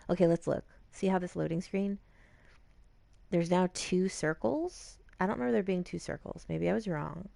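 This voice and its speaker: Chatty woman with a gravelly voice. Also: on the low side, no room sound. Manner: chatty, swears casually, acts out characters' lines. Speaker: streamer playing a game. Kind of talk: casual gameplay commentary.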